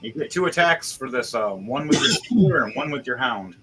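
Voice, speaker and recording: A man's voice: medium pitch, big pitch swings, normal speed, rough recording. A man narrating as game master with casual, profane, gory descriptions. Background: background music.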